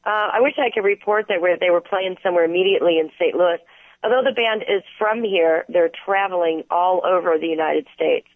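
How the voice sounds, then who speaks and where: A woman's voice: lowish voice, brisk, no echo. A woman calling in to a radio show who talks about local gigs with enthusiasm. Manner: enthusiastic, upbeat. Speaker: radio guest on phone. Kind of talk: casual radio chat. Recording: tinny phone line.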